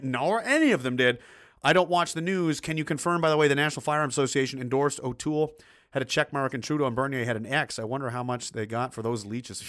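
A middle-aged man running a livestream reads chat messages aloud and rants casually, bluntly, and profanely, with many rambling restarts and heated outbursts. His fairly high voice sounds pushed and bright.

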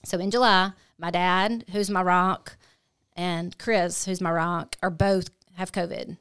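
Middle-aged woman, podcast guest, earnest halting storytelling, dry close recording. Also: fairly low pitch, fairly even intonation, fairly bright tone, clean tone, no room sound. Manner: earnest, halting, with frequent restarts. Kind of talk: candid personal storytelling.

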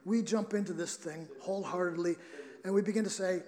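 A man's voice: high-pitched, steady tone, a little fast, few pauses, darkish tone. A middle-aged man preaching a sermon, telling a personal story earnestly with many restarts.

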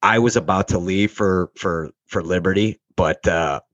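A man's voice: sits low, moderate pace, fairly bright tone, dry recording, highs cut off. Profane young man telling a navy tale. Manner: profane, rambling, acts out quoted voices. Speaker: storyteller. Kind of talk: casual storytelling.

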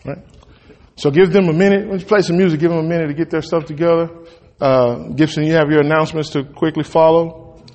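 A man preaching a sermon in a church, folksy and emphatic, with sudden loud peaks. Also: fairly high pitch, fairly even intonation, a little fast. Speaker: pastor. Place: church sanctuary. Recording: long reverb of a church hall.

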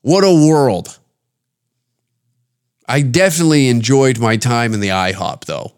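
A man's voice: medium pitch, animated, measured pace, clear, resonant tone. A man from Canada hosting a podcast, ranting in a crude, rambling comedic way and slipping into put-on voices. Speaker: podcast host. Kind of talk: casual comedic rant.

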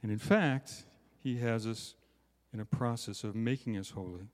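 A man's voice: fairly low pitch, moderate pace, darkish tone. Man preaching in a reverberant hall. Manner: conversational, self-deprecating, frequent "right?" asides. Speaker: conference speaker. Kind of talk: sermon.

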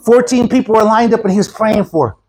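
A man preaching a sermon at a church service, telling stories with animated quoted voices and chuckles. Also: sits high, a little fast. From Houston, Texas. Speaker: guest preacher.

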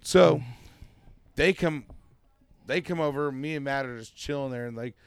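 A man's voice: medium pitch, normal speed, creaky, clear, resonant tone, no echo. A man telling a rambling, profane story in casual banter with friends, acting out quotes. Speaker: podcast co-host telling a story.

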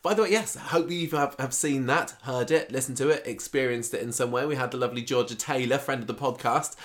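A man's voice: mid-range voice, fairly quick. A man hosting a podcast, chatting cheerfully while he has a cold. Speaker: podcast host. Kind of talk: casual chat.

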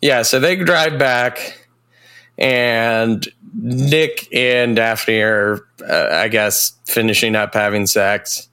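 Male podcast co-host, slow-talking, bright tone, laid-back and profane film recapper. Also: medium pitch, fairly even intonation, clean tone. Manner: retells plot loosely, acting out characters in raised voices. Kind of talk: casual film recap chat.

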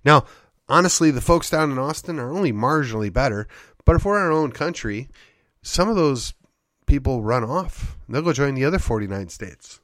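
A man's voice: medium pitch, lively intonation, normal speed, no room sound, clean studio sound. A man hosting a show, delivering an opinionated monologue full of rhetorical questions and needling sarcasm. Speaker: podcast host.

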